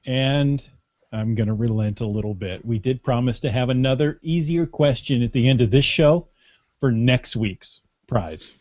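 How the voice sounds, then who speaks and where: A man's voice: medium pitch, normal speed, a little mellow, dry recording. A man hosting a casual podcast, joking and teasing his co-hosts. He sounds dry and close, and the recording is dull and lo-fi. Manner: playful, joking. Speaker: podcast host.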